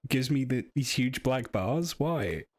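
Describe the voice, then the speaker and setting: A man's voice: mid-range voice, lively intonation, takes it slowly. A man from the United Kingdom streaming a game live, chatty and self-deprecating as he explains history between play. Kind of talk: casual live-stream commentary.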